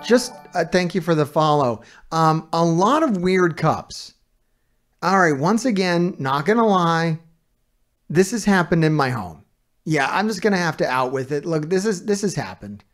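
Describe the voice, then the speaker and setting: Foul-mouthed exasperated man ranting. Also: sits high. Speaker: streamer reacting to a video. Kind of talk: casual reaction commentary.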